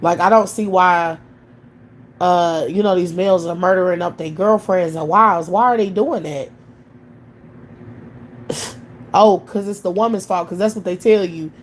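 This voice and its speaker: A woman's voice: fairly low pitch, a little slow, pauses often, a little hiss or hum. Blunt, scolding woman ranting live. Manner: blunt, profane, scolding, full of rhetorical questions. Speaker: livestream host.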